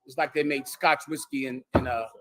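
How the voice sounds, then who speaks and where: A man's voice: medium pitch, fairly even intonation, fairly quick, fairly bright tone. A man leading a congregation, giving a bold, joking preaching lecture and answering questions from the floor. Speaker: leader teaching a congregation. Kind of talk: street-style preaching lecture.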